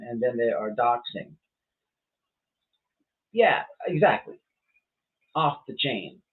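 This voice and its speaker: Rambling man on a tinny, phone-like line. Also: a little high. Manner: rambling, full of fillers and restarts; blunt and profane. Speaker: livestream host. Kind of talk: casual livestream commentary reading chat.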